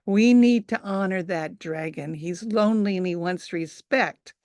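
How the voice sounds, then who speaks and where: A woman voicing a wise, kindly old village grandmother who speaks with gentle insistence. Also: on the low side, unhurried, no echo, studio quality, close to an everyday voice. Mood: reassuring.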